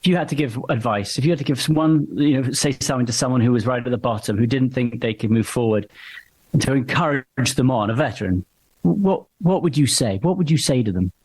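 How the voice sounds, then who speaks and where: A man's voice: medium pitch, a little fast, darkish tone, husky. Host: man with a mid-range voice, thoughtful and supportive when asking questions. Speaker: podcast host. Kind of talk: podcast interview.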